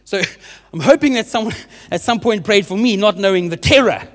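A young man, a youth minister telling a humorous testimony in a church service, animated and often laughing at himself. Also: sits high, normal speed. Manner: animated storyteller, laughs often, self-mocking. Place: church hall with a live audience. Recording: reverberant hall sound.

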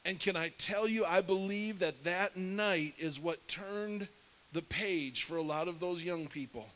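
A man's voice: high-pitched, a little slow, a bit bright, low-quality recording. A middle-aged man preaching, telling a story with animation and dropping to a whisper to act out scenes. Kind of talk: sermon storytelling. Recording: faint hiss.

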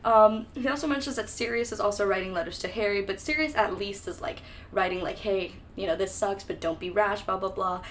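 A young woman, a podcast co-host, sums up a story in easygoing, sarcastic chat during a casual book discussion, swearing freely. Her middling-pitched voice moves fairly quickly with hardly any pauses, and faint background noise sits under the recording.

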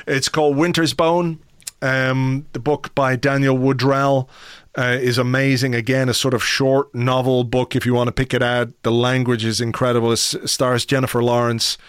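A man's voice: medium pitch, little pitch movement, normal speed, clean tone, no echo, clean studio sound. A man hosting a podcast, chatting casually about films with lots of ums and uhs. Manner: chatty, many fillers. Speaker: podcast host. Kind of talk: casual chat.

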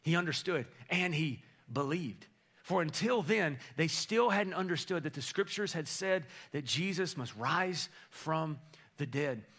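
A male pastor preaching an energetic, playful sermon, rallying his congregation in a church. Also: a little high, a little slow. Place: church sanctuary.

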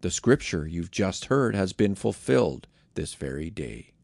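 A man voicing a calm, authoritative male teacher, speaking measured and low in a Bible reading. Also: vocal fry, breathy edge, dry recording, studio quality, heavily acted.

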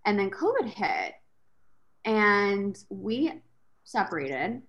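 A woman guest on a casual podcast, telling her career story in a candid, expressive way. She swears freely, acts out what others said to her, and her pitch sits in the middle range. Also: takes it slowly, highs cut off. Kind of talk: casual chat.

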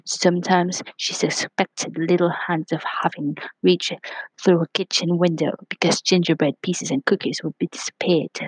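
A woman's voice: fairly low pitch, fairly even intonation, moderate pace, slightly rough, no echo, low-quality recording. A woman narrating a children's storybook aloud, dropping into whispers for suspense.

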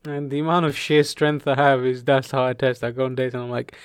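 A young man trading crude jokes in casual podcast chat. His voice is smooth and clear, recorded close and dry with no room sound. He swears freely and laughs often. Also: medium pitch, level tone, a little fast, dry recording. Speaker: podcast co-host.

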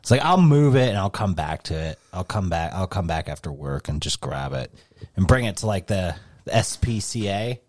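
Deep-voiced man telling a rambling story. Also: lively intonation, normal speed, a little mellow, no echo, clean studio sound. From New England. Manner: swears a lot, rambling storytelling. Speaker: podcast co-host. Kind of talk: casual chat.

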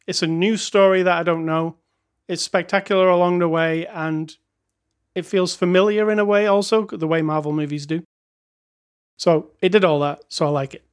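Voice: mid-range voice, fairly even intonation, moderate pace. A podcast co-host chatting casually about a film, joking and chuckling between thoughts. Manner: jokey, chuckles, reads reviews aloud wryly. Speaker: podcast co-host reviewing films. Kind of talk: casual chat.

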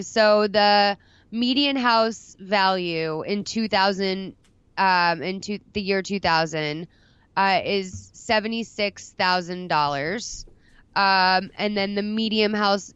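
A woman's voice: medium pitch, a bit bright, clean tone, no room sound, dull audio. A woman co-hosting a podcast, chatting casually, agreeing readily and reading out figures as she looks them up. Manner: conversational, agreeable, reads out figures while looking things up. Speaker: podcast co-host. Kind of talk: casual chat.

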